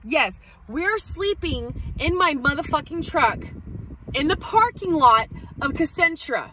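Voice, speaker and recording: A mother livestreaming from inside her parked truck, venting in a heated, profane rant with quick outbursts. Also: high voice, expressive, pushed and bright, a little hiss or hum, poor audio. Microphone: phone livestream.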